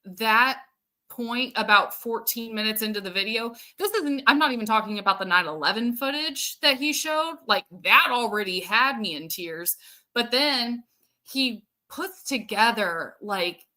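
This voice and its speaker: A woman's voice: a little high, expressive, unhurried, pushed and bright. A woman hosting a casual livestream, chatting and answering viewer comments while thinking aloud with plenty of fillers. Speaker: show host.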